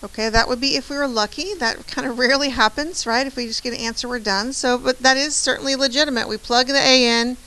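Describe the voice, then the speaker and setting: A woman's voice: sits high, steady tone, fast, hardly any pauses, sharp tone, poor audio. A woman math teacher giving a chatty, encouraging lecture, often checking in with "right?". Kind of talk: classroom lecture.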